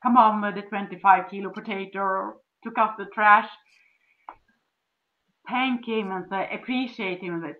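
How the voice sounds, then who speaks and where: A woman's voice: medium pitch, steady tone, unhurried. A woman with a Swedish accent, a relationship coach, explaining step by step and acting out sweet dialogue. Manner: acts out dialogue with sweet cooing voices. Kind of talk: instructional conversation. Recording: dull lo-fi sound.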